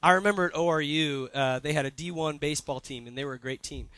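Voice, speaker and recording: A young man preaching a sermon, retelling a story with lively asides and quoted lines. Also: fairly high pitch, quick pace, dry recording. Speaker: pastor. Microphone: handheld or stage mic.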